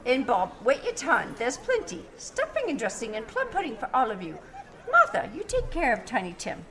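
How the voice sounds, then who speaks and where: A woman playing a fussing, warm mother in a comedic live stage reading, often breaking character with laughter. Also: sits high, moderate pace, heavily acted. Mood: bustling. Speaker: amateur stage player. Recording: lively audience laughing throughout. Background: crowd laughter.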